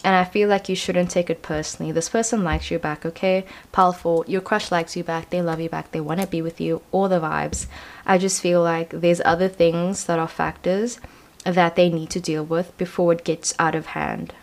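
Young female tarot reader, slightly low pitch, casual, reassuring, rambling delivery. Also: steady tone, moderate pace, creaky. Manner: chatty, reassuring, lots of "you know" and "um". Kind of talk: casual pick-a-card tarot reading.

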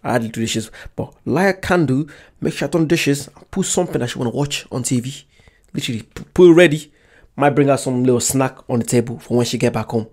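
A man's voice: medium pitch, fast talker, darkish tone. A man giving casual, emphatic reaction commentary and repeating his points. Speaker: YouTube reaction host.

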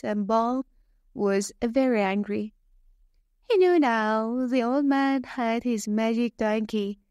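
A woman narrates a simple story with slow, deliberate care, spacing each word so learners can follow. Her voice sits a little high. It is recorded close and dry, with no room sound. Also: darkish tone, no room sound. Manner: slow, careful, clearly spaced reading.

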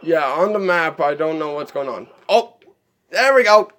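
High-voiced man chatting through a game. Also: expressive, moderate pace, a bit bright. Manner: chatty, exasperated, laughs often. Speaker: streamer. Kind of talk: live gameplay commentary.

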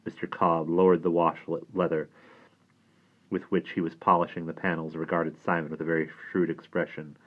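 A man's voice: sits low, a little fast. Man reading a storybook, tinny sound. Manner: steady storytelling. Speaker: audiobook reader. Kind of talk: audiobook narration.

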